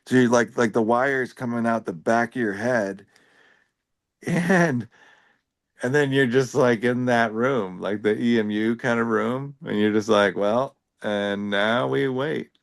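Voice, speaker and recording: A man's voice: mid-range voice, measured pace, dry recording. Guy rambling on a podcast, tons of "like", wry jokes, dry close sound. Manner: rambling, heavy use of "like" fillers; wry, joking. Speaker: podcast panelist living with epilepsy. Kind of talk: casual podcast chat.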